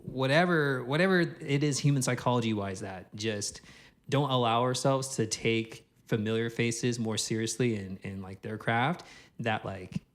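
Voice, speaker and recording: A man in his thirties hosts a relaxed podcast interview in an ordinary mid-range voice. He speaks thoughtfully, pausing on "um" and "like" as he works toward his point. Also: medium pitch. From Virginia, US. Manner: hesitant, thoughtful, many "um" and "like". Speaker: podcast host.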